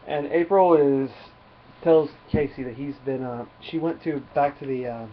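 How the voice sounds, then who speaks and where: A man's voice: a little high, moderate pace, narrow, tinny audio, a little hiss or hum. A man giving a casual spoken comic book review, retelling the plot in a rambling way with many fillers.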